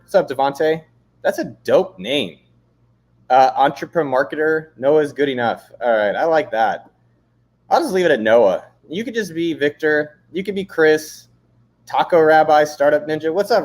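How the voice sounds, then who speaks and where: A man hosting a live stream, reading comments aloud and chatting casually with frequent swearing and jokes. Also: fairly high pitch. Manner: casual, profane, joking, reads chat aloud. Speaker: livestream host. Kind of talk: casual livestream chat. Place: San Diego, California.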